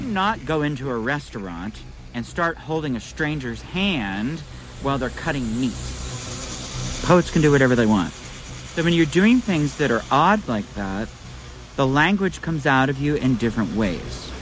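A man muses about poetry with a playful, provocative edge in an ordinary mid-range voice. City traffic and street noise are clearly audible around him. His talk stays loose and unscripted. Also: medium pitch, a bit bright, poor audio. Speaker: poet.

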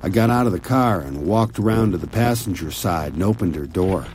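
Very deep-voiced male audiobook narrator. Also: expressive, fairly quick, noisy background. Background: soft music.

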